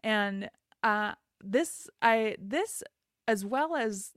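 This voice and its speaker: A woman's voice: mid-range voice, extremely slow, no echo, studio quality. A woman co-hosting a casual podcast chat, telling stories with frequent giggles. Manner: giggly, animated storytelling. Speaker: podcast co-host.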